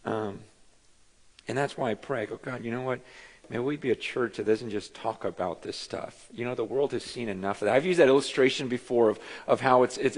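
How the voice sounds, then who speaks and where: A middle-aged man pastor preaching a conversational, animated sermon, telling stories with self-deprecating asides. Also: mid-range voice. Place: church sanctuary. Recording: reverberant church hall.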